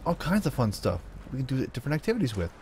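A man's voice: medium pitch, very animated, rapid-fire, darkish tone, slight background noise. A man giving let's play commentary as a gaming channel host, joking and teasing the game characters.

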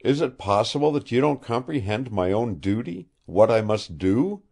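A man's voice: mid-range voice, animated, moderate pace, vocal fry, a little mellow, husky, voice pushed up. A man reading the part of a young law officer, speaking firmly and with authority. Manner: firm, commanding. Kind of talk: audiobook character reading.

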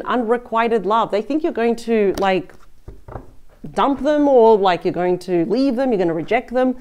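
Female tarot reader, warm mellow voice, casual rambling delivery to camera. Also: on the high side. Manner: chatty, thinking aloud, trailing into asides.

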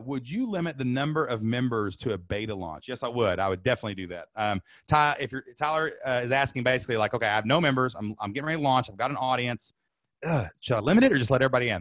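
A man hosting a sales webinar, fired up and preachy, repeating slogans and letting out loud whoops. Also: mid-range voice, no echo. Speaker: webinar host. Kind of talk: energetic sales webinar talk. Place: home studio under lights.

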